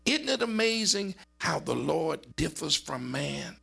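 A man preaching a dramatic sermon, swinging between high urgent cries and low murmured passages. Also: sing-song, a little slow, vocal fry, few pauses, pushed and bright, slightly rough.

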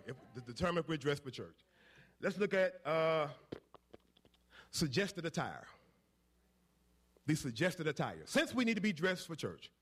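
A male pastor preaching a sermon, swinging between quiet asides and shouted, repetitive declarations. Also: fairly high pitch.

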